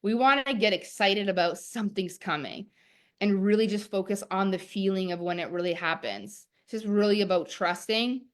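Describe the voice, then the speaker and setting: A woman's voice: mid-range voice, normal speed. A young woman teaching a live-streamed masterclass, talking in a chatty, enthusiastic way full of "like". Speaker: online course teacher.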